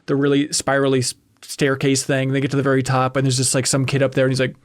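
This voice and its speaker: A man hosting a podcast, telling stories about a game in an upbeat, animated way. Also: mid-range voice, fast. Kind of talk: casual chat.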